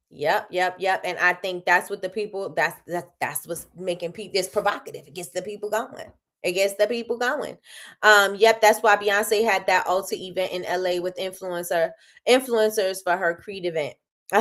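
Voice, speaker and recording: A woman hosting a casual livestream, talking business with lots of repetition and reading out chat comments. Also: medium pitch. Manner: animated, repeats phrases, reads chat aloud. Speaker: livestream host.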